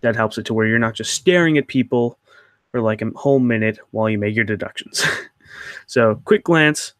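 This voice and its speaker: A man's voice: mid-range voice, normal speed, fairly bright tone, no room sound, studio quality. A young man hosting his channel, answering viewer questions in a rambling, hesitant way with many fillers and restarts. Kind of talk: casual Q&A chat.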